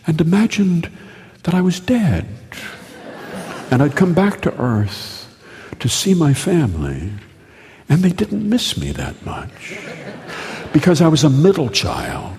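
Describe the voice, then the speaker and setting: Male host-storyteller, deadpan and unhurried, long reverb. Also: on the high side, creaky. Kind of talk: humorous storytelling monologue.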